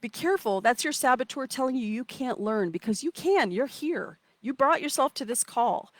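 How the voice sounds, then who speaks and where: Her voice sits high and lively, moving at a moderate pace with no echo. Outdoors, she leads a live online coaching session, reading out chat comments, voicing inner thoughts, and keeping a warm, playful, encouraging tone.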